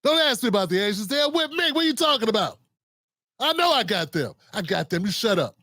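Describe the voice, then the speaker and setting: A man's voice: sits high, big pitch swings, brisk, no room sound, clean studio sound, full character voice. A man doing a smug, folksy old politician. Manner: condescending, folksy, hushed. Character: mocking impression of a folksy older male politician.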